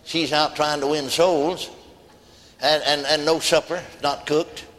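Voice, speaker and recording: A man's voice: a little high, level tone, slow, a bit bright. A man preaching a sermon, telling a story in a folksy, emphatic way. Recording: long hall reverb.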